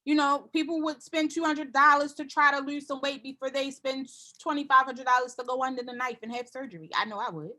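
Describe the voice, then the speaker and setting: A woman's voice: high voice, steady tone, brisk, few pauses, bright, forceful tone. A woman giving a casual sales training talk to her team, confident and repetitive, acting out customer conversations.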